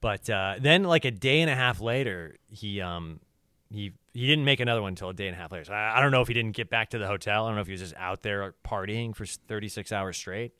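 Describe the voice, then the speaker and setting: A man's voice: lowish voice, fast talker, pushed and bright, smooth, no room sound, studio quality. A man hosting a casual podcast, rambling with many restarts and laughs. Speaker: podcast host.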